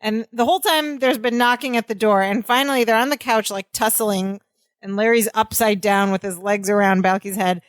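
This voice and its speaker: A woman's voice: medium pitch, fairly even intonation, moderate pace, dry recording. A woman co-hosting a podcast, casually retelling a sitcom episode scene by scene. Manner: storytelling, narrates scenes step by step. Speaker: podcast co-host.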